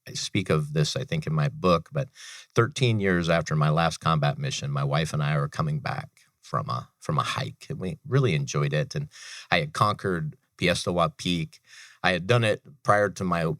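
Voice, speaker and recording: On a business radio show, a veteran and author in his thirties speaks at normal speed in a bass voice with a fairly bright tone. As an interview guest, he earnestly shares personal stories, returning to the same phrases again and again. The sound is clean studio audio with no room sound.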